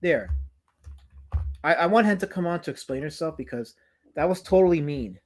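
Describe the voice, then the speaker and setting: A man's voice: a little high, lively intonation, normal speed. A man hosting a live drawing stream, chatting casually and slipping into mock-offended, theatrical complaints. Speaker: livestream host.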